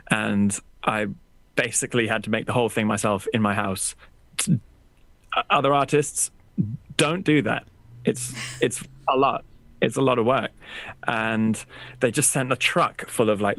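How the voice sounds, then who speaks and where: A musician guest chatting casually from a small home studio room over a video call, self-deprecating and full of restarts. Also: male voice, lowish voice, creaky, fairly bright tone, no echo. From England, raised partly in Texas.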